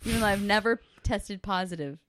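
A woman co-hosting a podcast, telling family stories in casual chat with animated asides. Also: mid-range voice, slight background noise. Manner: animated storytelling, quick asides. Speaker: podcast co-host, comedian's wife.

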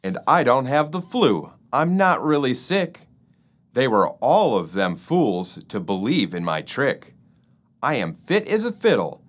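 A man's voice: mid-range voice, big pitch swings, slow pace, fairly bright tone. A man voicing Bad Fred, a sly selfish male flea who fakes being sick to keep the dog to himself. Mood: gleeful. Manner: whiny, fake-sick pleading.

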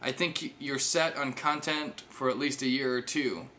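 A man's voice: medium pitch, normal speed, bright, forceful tone, slight background noise, lightly acted. A man putting on a dry, sarcastic dating-app woman. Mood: dry teasing.

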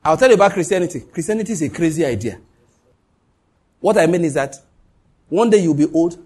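Preaching a sermon, a man speaks briskly and animatedly in a husky, fairly high voice with a darkish tone. He drives his points home by repeating them, his pitch jumping up and falling low.

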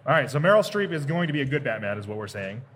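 A man's voice: mid-range voice, big pitch swings, rapid-fire, fairly bright tone, slight background noise. A man co-hosting a podcast live at a comic convention, steering the chat with stammering restarts. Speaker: podcast co-host.

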